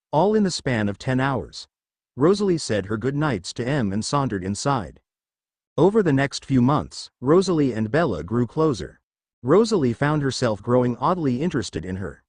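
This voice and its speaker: A man narrates a story as an audiobook, with expressive storytelling. His pitch moves freely up and down. The sound is close and dry. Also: dry recording. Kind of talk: audiobook narration of fan fiction.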